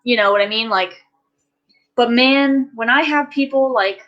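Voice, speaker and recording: A woman's voice: on the high side, measured pace, fairly bright tone, highs cut off. A woman telling stories in a casual chat, ranting animatedly with lots of fillers.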